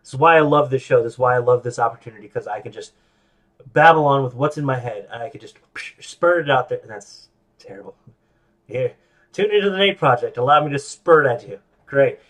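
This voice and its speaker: A man at a middle pitch hosts his own show, talking alone in a loose, rambling flow. He mocks himself as he goes, often restarting his sentences. He breaks into animated quoted voices along the way. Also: brisk. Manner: rambling, self-deprecating, with frequent restarts. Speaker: podcast host. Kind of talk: casual solo monologue.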